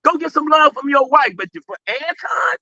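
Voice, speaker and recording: A man co-hosting a casual talk stream, ranting loudly and mockingly at another creator. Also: extremely high pitch, normal speed, highs cut off. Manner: loud, mocking, animated ranting. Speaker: co-host. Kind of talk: casual commentary chat.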